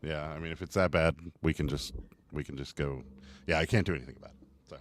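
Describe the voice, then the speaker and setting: A man's voice: very deep voice, quick pace, no room sound. A man co-hosting a casual live stream, reading viewer comments aloud while troubleshooting the sound, with a Western Pennsylvania accent. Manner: reads viewer comments aloud, fiddles with audio settings. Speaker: co-host of a live reselling stream. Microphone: earbud microphone.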